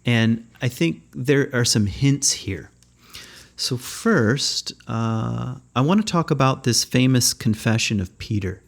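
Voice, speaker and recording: A man's voice: medium pitch, lively intonation, slow, gravelly. A man giving a reflective spiritual teaching talk as a podcast host, thoughtful and conversational, often searching for words.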